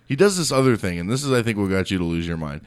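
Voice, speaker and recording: A man's voice: lowish voice, expressive, racing, smooth, dry recording, studio quality. A young man co-hosting a podcast, telling a workplace story in casual, profane chat and acting out what people said. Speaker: podcast co-host.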